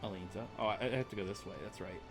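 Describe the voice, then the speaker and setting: A man's voice: on the low side, rapid-fire, soft background music. A young man rambling through let's play commentary, chatty and self-mocking as he plays. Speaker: gaming YouTuber.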